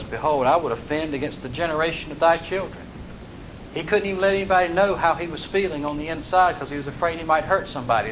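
A high-pitched man preaching, moving between solemn scripture reading and homespun explanation. The sound is dull and lo-fi. A faint hiss sits under his voice. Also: fairly bright tone. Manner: reads verses in old-fashioned wording, then explains in plain folksy talk. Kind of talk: sermon reading and expounding scripture. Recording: dull lo-fi recording with faint noise.

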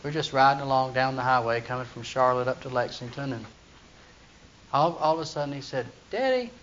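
A man's voice: medium pitch, fairly even intonation, a little fast, fairly bright tone, slight background noise. A man preaching a humorous sermon, telling the story playfully with chuckles, in a dull lo-fi recording.

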